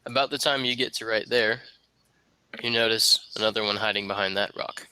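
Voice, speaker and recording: Bright-voiced male game master. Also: fairly low pitch, fairly even intonation, brisk, slight background noise, poor audio. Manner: descriptive, filler-heavy. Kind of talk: narrating a tabletop game.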